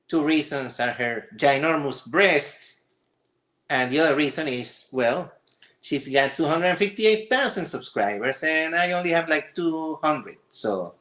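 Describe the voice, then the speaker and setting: Sarcastic man ranting on a livestream. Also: on the high side. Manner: sarcastic, exasperated, stammers when excited. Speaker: livestream host. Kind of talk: casual reaction commentary.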